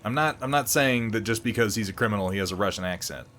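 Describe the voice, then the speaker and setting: A man's voice: fairly low pitch, fast talker, fairly bright tone, a little hiss or hum. A man giving casual, sardonic and profane commentary while playing a video game. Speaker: let's play host.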